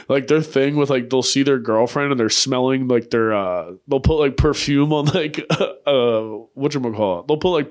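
A young man hosting a comedy podcast, rambling in crude, profane bursts and laughing often at his own jokes. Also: mid-range voice. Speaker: podcast host.

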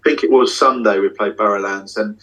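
A man, a magician on tour, talks candidly and swears freely in long excited runs from a backstage dressing room. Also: lowish voice, a little fast, husky, recorded from a distance, rough recording. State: getting emotional. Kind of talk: candid casual interview.

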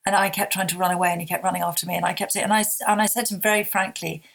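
Woman in her 50s, lowish voice, opening up in an interview, stops and restarts a lot. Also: steady tone, gravelly, a bit bright. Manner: heartfelt, halting, with restarts. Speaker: interview guest, author. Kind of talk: candid interview.

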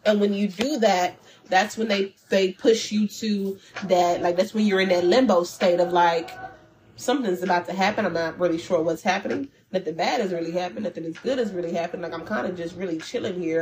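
A woman's voice: fairly low pitch, brisk, a little mellow, poor audio. A woman talking loosely and conversationally as a tarot reader, full of slang and self-interruptions. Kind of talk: casual spiritual reading for viewers.

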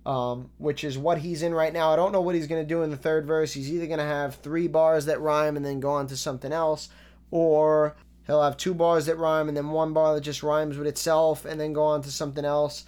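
A man talks through rap lyrics in a relaxed, analytical way, dropping fillers as he goes. His voice is clean and smooth and sits slightly high for a man. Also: fairly quick. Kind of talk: casual breakdown commentary.

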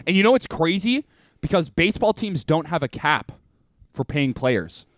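A male podcast co-host who laughs often and swears freely in casual chat. His voice is a little high and swings widely in pitch, and the sound is dry and close. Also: very animated, moderate pace, no room sound.

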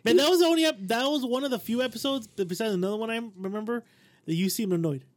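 A man with a high voice co-hosts a casual podcast and fires off quick teasing questions. He talks fast and jokes around, egging on the stories. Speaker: podcast co-host.

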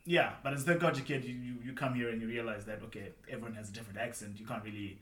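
A man from Zimbabwe co-hosting a casual podcast, energetic and upbeat, laughing often. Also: mid-range voice, racing, roomy sound. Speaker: podcast co-host.

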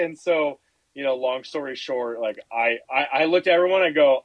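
Man, casual podcast storytelling, mid pitch, dry dull sound. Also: normal speed, no echo. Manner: animated, profane, acts out quotes. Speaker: podcast host.

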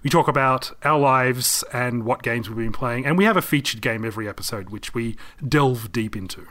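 A man's voice: medium pitch, moderate pace, fairly bright tone. A man in his thirties, co-hosting a podcast in a rambling, self-mocking casual chat and laughing easily. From Australia. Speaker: podcast co-host.

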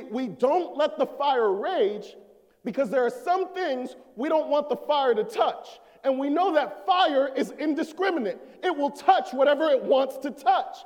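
A man preaching a sermon as an associate minister, swelling to shouts and dropping low. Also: big-room sound.

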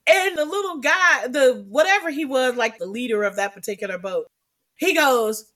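A woman's voice: high-pitched, expressive, moderate pace, pushed and bright. A woman co-hosting a casual chat, telling funny stories and laughing often. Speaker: podcast co-host.

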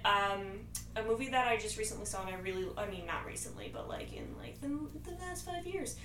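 A woman chatting enthusiastically about movies and retelling scenes quickly. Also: medium pitch, wildly swooping pitch, distant mic. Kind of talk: casual chat about movies. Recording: echoey room, off-mic, faint noise.

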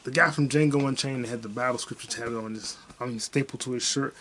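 A man's voice: mid-range voice, fairly even intonation, fast talker, a bit bright, a little hiss or hum. A young man rambles through a casual movie review on his podcast. His voice sits in an ordinary middle register, laid-back and loose, and he drops in the odd curse. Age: young adult. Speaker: podcast host.

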